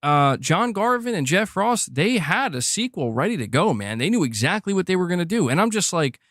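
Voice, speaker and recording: A man hosting a livestream, ranting in a heated, animated way and swearing freely while reading chat. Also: sits high, fairly quick, few pauses, no room sound, clean studio sound. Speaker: streamer host. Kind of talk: casual livestream rant.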